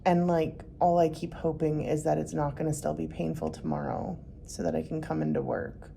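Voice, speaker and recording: Low, gravelly woman in a car, exhausted. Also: fairly even intonation, moderate pace, warm tone, a little hiss or hum. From Canada. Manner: tired, emotional, sighing. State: tearful. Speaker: vlogger. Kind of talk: personal vlog.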